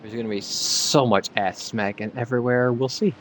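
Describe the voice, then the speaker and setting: A man's voice: medium pitch, steady tone, moderate pace, fairly bright tone, slight background noise. A man streaming while gaming, chatting in a rambling way and slightly slurring his words. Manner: rambling, full of "like" fillers. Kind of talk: casual live-stream chat while gaming.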